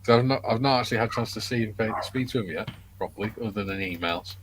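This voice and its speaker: A man's voice: lowish voice, quick pace, noisy background. A man co-hosting a casual live stream, cheerfully reading out viewer comments. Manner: cheerful, reads comments aloud.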